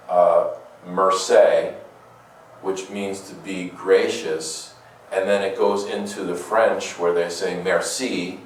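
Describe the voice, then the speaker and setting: Slow, echoey male homilist. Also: sits low, slight background noise. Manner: rhetorical questions, playful asides, repeats words. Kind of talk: conversational sermon. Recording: very echoey room, distant mic.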